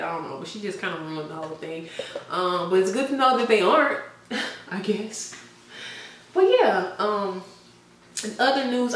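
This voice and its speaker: A woman's voice: mid-range voice, a bit bright. Chatty woman, gossiping, laughs lots, far from the mic in a super echoey room. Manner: chatty, laughs often, trails off with "I don't know". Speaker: vlogger. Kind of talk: casual gossip chat.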